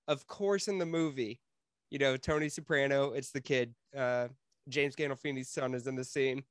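A man's voice: mid-range voice, fairly even intonation, moderate pace, smooth, no room sound, clean studio sound. A man co-hosting a casual podcast, tipsy and ranting with lots of swearing. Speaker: podcast co-host. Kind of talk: casual chat.

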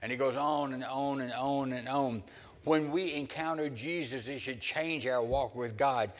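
A man's voice: mid-range voice, unhurried. A man preaching a sermon as pastor, earnest, rising into dramatic scripture readings. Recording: long hall reverb.

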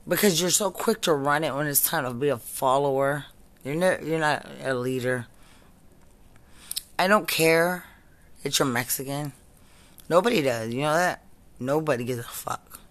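A woman's voice: deep voice, fairly bright tone. A woman and military veteran delivering an angry, profane and repetitive ranting monologue.

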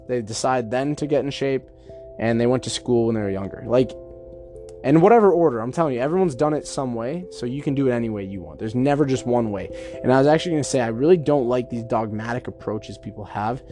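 Man, medium pitch, casual self-help monologue, chatty, acts out dialogue, faint music behind. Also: animated, fairly quick, a little mellow. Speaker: podcast host.

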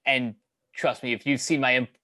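A young man talking casually on a podcast, halting with many fillers and restarts. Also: medium pitch, steady tone, bright, forceful tone, dry recording. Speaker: podcast co-host. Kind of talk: casual chat.

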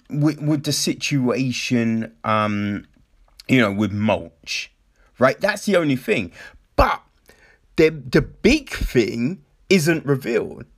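A man giving a casual, exasperated spoken film review, full of fillers, rhetorical questions and mocking quotes. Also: fairly high pitch. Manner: animated, exasperated, many fillers and mock quotes.

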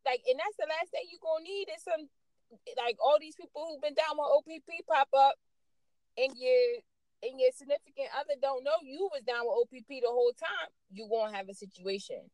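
A woman co-hosting a podcast in casual chat, telling stories in a lively, animated way. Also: high-pitched, a little fast, dry recording. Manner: lively storytelling, animated and loud. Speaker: podcast co-host.

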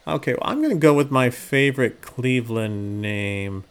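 A man's voice: medium pitch, moderate pace, smooth. A man co-hosting a casual podcast chat, answering quiz questions with jokes and self-deprecating asides. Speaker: podcast co-host, quiz contestant.

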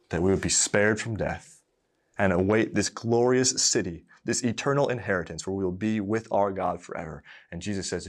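This preacher has a lowish voice; his sermon swells with mounting emphasis on repeated phrases, then softens into quiet tenderness.

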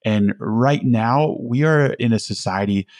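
A man's voice: medium pitch, unhurried, darkish tone, no echo. A man speaking as a podcast guest, earnest and emphatic, often restarting his sentences. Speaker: podcast guest, recovery community founder. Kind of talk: conversational interview.

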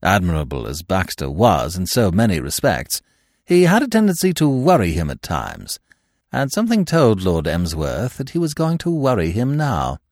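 Guy reading a funny old novel aloud, really animated voice, dry close mic. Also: low-pitched, moderate pace, no room sound. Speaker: narrator. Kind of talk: scripted audiobook narration.

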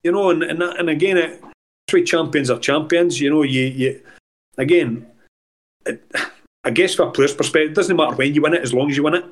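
A man with a Scottish accent spins rambling anecdotes as a podcast guest. He jumps between memories and restarts his sentences, keeping the talk animated and casual. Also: on the high side, a little fast. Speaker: former footballer, guest. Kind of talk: casual storytelling in a podcast interview.

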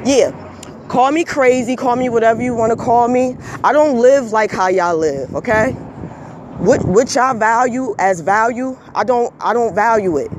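A man with a very high voice rants into the camera, fired up and scolding. He hammers his points with repetition and drops the odd curse word. Faint noise sits under his voice. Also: moderate pace. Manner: swears when emotional. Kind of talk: heated monologue rant.

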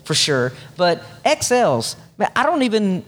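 A man hosting a casual podcast chat, excitable and whooping, with lots of stumbling restarts. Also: high voice, a little slow. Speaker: podcast host.

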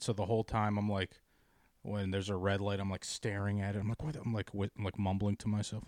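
A man in casual chat, ranting profanely about his bad day, dropping to mumbles and then yelling. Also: on the low side, flat delivery, fairly quick, dry recording, studio quality.

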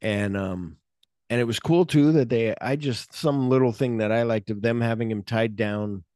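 A man's voice: mid-range voice, moderate pace, no room sound, studio quality. A man co-hosting a podcast, chatting casually about a film, acting out scenes, swearing freely and humming the music cues. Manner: animated retelling, acts out scenes and hums music cues. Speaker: podcast co-host.

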